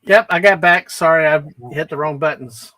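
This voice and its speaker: A man chatting casually on a live stream, relaxed and easygoing. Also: on the high side, normal speed, no echo.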